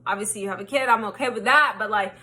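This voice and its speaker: A woman vlogger telling a storytime in casual chat, animated, swearing freely and acting out her own quotes. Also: medium pitch, fast talker.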